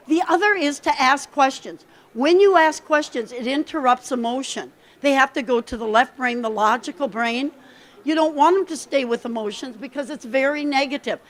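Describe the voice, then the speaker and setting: High-pitched lady speaker at a conference, lively, talks straight to the crowd. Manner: lively, coaching audience directly. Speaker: keynote speaker. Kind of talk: conference workshop talk. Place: conference hall stage.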